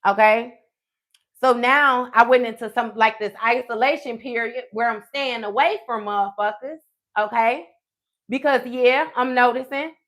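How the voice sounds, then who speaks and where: Woman, pitched a little high; animated, profane live storyteller. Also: unhurried. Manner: animated, profane, frequent "okay?" check-ins. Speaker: tarot reader.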